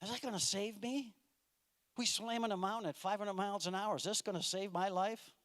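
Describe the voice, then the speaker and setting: A man's voice: high voice, fairly even intonation, brisk, fairly bright tone. A man doing a stand-up comedy routine on a stage mic, exasperated and mocking, acting out the people in his jokes. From United States. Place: comedy club stage with a live audience.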